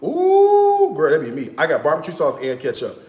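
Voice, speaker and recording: A man hosting a cooking livestream from his home kitchen, chatting straight to his viewers in a casual, animated way, often dropping to a hushed, half-sung tone. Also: mid-range voice, quick pace, reverberant. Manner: slips into hushed, half-sung tones now and then.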